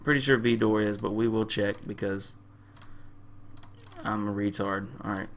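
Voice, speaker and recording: A young man playing a game and commentating, loud and crude, trash-talking the characters in slang and often repeating himself. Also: lowish voice, fairly even intonation, normal speed, slight background noise. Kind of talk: profane casual gameplay commentary.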